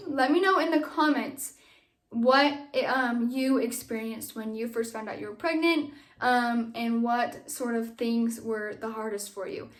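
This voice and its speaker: A woman's voice: on the high side, measured pace. A young woman vlogger chatting casually to camera from a nursery at home, rambling with lots of fillers and a little out of breath.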